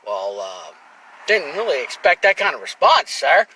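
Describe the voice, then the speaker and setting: A man's voice: a little high, big pitch swings, normal speed, pushed and bright, slight background noise, pitched below the performer's own voice, rough recording. A man putting on a polite, flustered stranger asking for directions.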